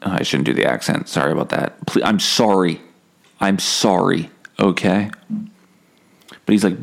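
A man hosts his own comedy podcast alone, rambling from one thought to the next in a deadpan, profane way. His voice is low and gravelly, and he often turns the joke on himself. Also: measured pace, pauses often. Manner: deadpan, profane, self-mocking.

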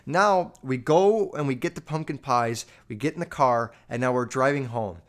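A man spinning a casual storytime monologue, cursing freely and leaning on "like" at every turn. He rambles and talks straight to his listeners in a mid-pitched voice, animated and loose. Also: normal speed. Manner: profane, rambling, filler-heavy with constant "like"; animated, addresses listeners directly.

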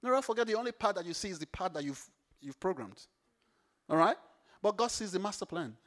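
A man preaching a sermon, animated, repeating phrases for emphasis and swinging from hushed to loud. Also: high voice, a little fast.

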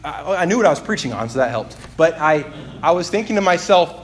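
A man preaching in a loose, conversational way, his voice sitting a bit high for a man. He talks candidly about himself, circling back with fillers and restarts. A faint hum of the room runs underneath. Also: expressive, a little fast, hardly any pauses. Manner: candid, self-deprecating, rambling with many fillers. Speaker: pastor. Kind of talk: conversational sermon.

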